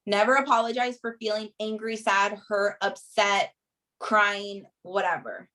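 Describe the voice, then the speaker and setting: A woman's voice: mid-range voice, a little slow, sharp tone, poor audio. A woman leading a group coaching session, giving motivational advice in an emphatic way and checking in with "right?" after nearly every point.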